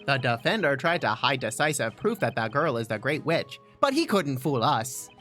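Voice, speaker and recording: A stream co-host trading teasing banter and reading lines, with a lively, bouncing pitch at a middle register. Faint game music sits behind. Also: moderate pace. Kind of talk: live let's-play commentary and reading dialogue.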